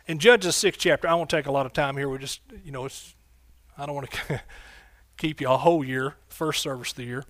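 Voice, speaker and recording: A man's voice: mid-range voice, steady tone, fairly quick, a bit bright, no room sound. Male pastor, fervent call-and-response sermon, dry close sound. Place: church sanctuary.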